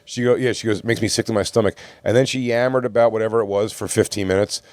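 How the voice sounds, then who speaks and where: Man, low voice, dry sound, casual profane storytelling, animated quoting. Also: quick pace, no room sound. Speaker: podcast co-host. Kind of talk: casual storytelling among friends.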